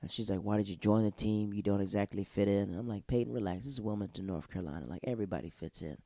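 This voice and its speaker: A male podcast host giving a casual, slangy recap of a TV episode, acting out the characters' lines in quick put-on voices. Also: on the low side, warm tone, no echo. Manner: laid-back slangy talk.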